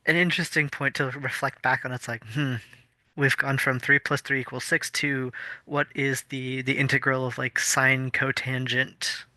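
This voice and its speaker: Bright, dry-sounding male podcast host. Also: mid-range voice, flat delivery, moderate pace, no echo. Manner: explanatory, thoughtful, with fillers and restarts. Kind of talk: casual chat.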